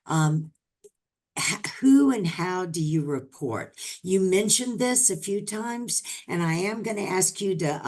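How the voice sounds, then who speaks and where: A woman moderating questions on a video call, speaking slowly and carefully, with fillers. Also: lowish voice, darkish tone. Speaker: town hall moderator.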